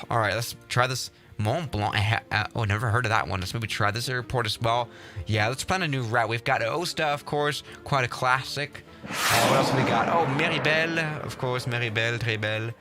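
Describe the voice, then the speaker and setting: A man's voice: medium pitch, moderate pace, over loud music. A man hosting a livestream and commenting casually on his game, rambling and exasperated, with mild swearing. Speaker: livestream host.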